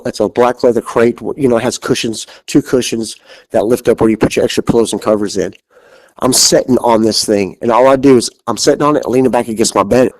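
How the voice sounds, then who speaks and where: A man's voice: medium pitch, a little mellow, no echo, rough recording. A man telling a haunting story as a podcast guest, rambling, repeating himself and swearing freely. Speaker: interview guest.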